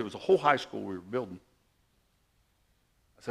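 A man preaching a sermon, repeating phrases and swinging between loud bursts and hushed asides. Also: medium pitch, expressive, quick pace, gravelly, slightly rough.

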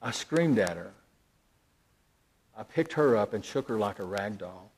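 Dramatic preaching man, loud to hushed. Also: fairly low pitch, expressive, unhurried, husky. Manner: dramatic, swinging from loud emphasis to hushed near-whispers. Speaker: pastor. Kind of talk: sermon storytelling.

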